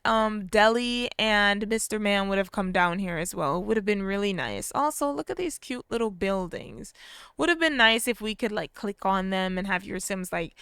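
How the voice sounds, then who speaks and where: A woman's voice: mid-range voice, a bit bright, smooth, no echo, clean studio sound. A woman casually narrating her gameplay, chatty and easily delighted as she describes what her characters are doing. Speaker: gameplay video creator.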